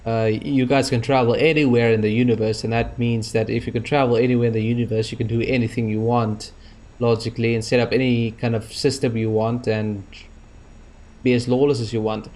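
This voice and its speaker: A man's voice: medium pitch, flat delivery, fairly quick, a little mellow. Guy doing casual let's-play commentary, rambly, lots of uhs. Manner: rambling, full of fillers and restarts. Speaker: gaming YouTuber.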